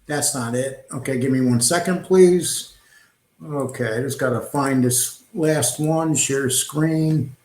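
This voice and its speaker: A man's voice: medium pitch, takes it slowly, darkish tone. A man hosting reaction commentary in a scornful, dismissive way. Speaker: commentary channel host. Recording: echoey room.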